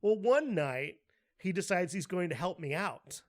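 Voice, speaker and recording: Guy cohosting a podcast, kinda high voice, laughs a lot, gets loud acting out stories. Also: unhurried. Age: adult, with a daughter. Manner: animated storyteller, laughs often, acts out quotes loudly. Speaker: podcast co-host. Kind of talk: casual chat.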